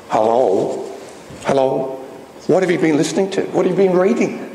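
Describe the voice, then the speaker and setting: A man's voice: fairly high pitch, big pitch swings, measured pace, a little mellow. A man preaching a sermon with emphatic delivery and frequent rhetorical questions. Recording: echoey hall with faint noise.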